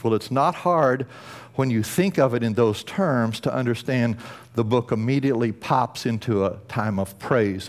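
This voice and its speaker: A man preaching a sermon from a church, emphatic, building to bursts of intensity and then dropping low and slow. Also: a little mellow. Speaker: pastor.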